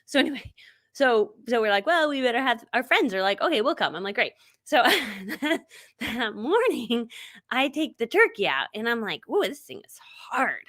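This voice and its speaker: Her voice is a little high and a bit bright, very animated but moderately paced. A middle-aged woman on a live stream, she shares chatty stories, laughing and acting out others' words.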